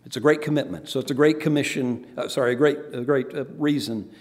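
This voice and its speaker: A middle-aged former pastor and missionary speaker preaches a sermon in a reverberant hall, talking fast in a medium-pitched voice. He's animated, telling stories and acting out the voices of the people he quotes.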